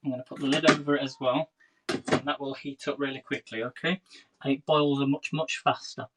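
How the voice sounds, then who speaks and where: A man's voice: mid-range voice, fairly even intonation, a little fast, heavy background noise. A man in his thirties hosting a casual cooking livestream from his home kitchen, chatting with viewers as he works. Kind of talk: casual live cooking chat. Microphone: phone livestream. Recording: kitchen clatter and clicks behind.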